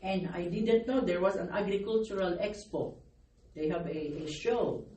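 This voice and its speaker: A woman's voice: mid-range voice, moderate pace, mellow. A middle-aged woman pastor preaching a sermon, her voice worn from crying, calling out for amens and laughing between phrases. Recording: echoey room, distant mic, faint noise.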